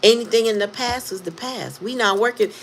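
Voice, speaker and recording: A woman's voice: on the high side, brisk, a little hiss or hum. A woman tarot reader talking straight to her viewers, blunt and profane. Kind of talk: casual monologue to viewers.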